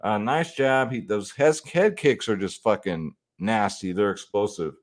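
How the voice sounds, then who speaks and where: A man's voice: lowish voice, a little slow. A man hosting a fantasy sports picks video, talking casually and swearing freely as he breaks down upcoming fights. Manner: laid-back and conversational, swears freely and says "man" often.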